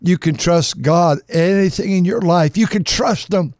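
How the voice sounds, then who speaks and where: Emphatic preacher man with a high voice. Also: measured pace, few pauses, dry recording, studio quality. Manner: emphatic, repeating words and phrases; swings from loud outbursts to hushed tones. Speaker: pastor. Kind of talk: sermon reading scripture.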